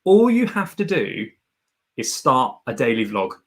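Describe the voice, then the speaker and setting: Reviewing a guest's channel on his livestream, a man with a medium-pitched voice talks in an unhurried way. His tone is casual and animated as he rambles, laughing frequently while giving advice.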